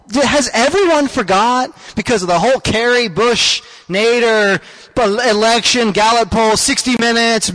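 A man's voice: high-pitched, a bit bright, rough recording. A man delivering a comedic, sarcastic ranting monologue as a host.

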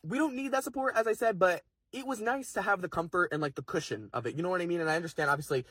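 A man's voice: high-pitched, fairly bright tone, breathy edge, no echo. A young man in a fired-up casual vlog rant, swearing and packing his talk with fillers. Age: young adult. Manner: fast, heated, swearing, lots of fillers. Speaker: vlogger. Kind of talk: impassioned casual rant to camera.

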